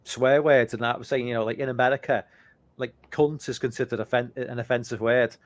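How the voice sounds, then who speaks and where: A man's voice: mid-range voice, steady tone, a little fast, dry recording. A man co-hosting a casual movie chat stream, rambling and swearing freely with lots of restarts. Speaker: podcast co-host.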